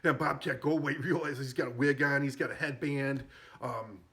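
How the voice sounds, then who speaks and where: A man's voice: medium pitch, fairly even intonation, normal speed, fairly bright tone. A man recapping a movie in a casual, rambling way. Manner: rambling, with many fillers and restarts. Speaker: film reviewer.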